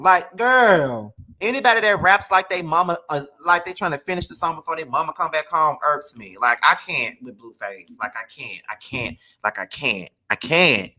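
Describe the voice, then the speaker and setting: A man hosting a livestream, giving sassy, profane commentary and drawn-out complaints as he answers the chat. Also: fairly high pitch, sharp tone. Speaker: host. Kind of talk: livestream commentary on celebrity gossip.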